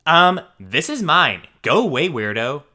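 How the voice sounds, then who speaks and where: A man's voice: on the high side, very animated, unhurried, sharp tone, pitched above the performer's own voice, exaggerated voice. A man voicing a rude, grabby entitled mother in a story reading, with a snappy, demanding delivery.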